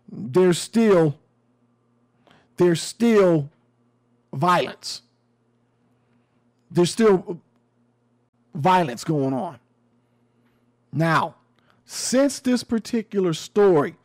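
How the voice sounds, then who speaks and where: High-voiced, unhurried male commentator. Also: a little mellow. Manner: conversational, sarcastic, emphatic. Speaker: commentary host. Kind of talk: casual news commentary.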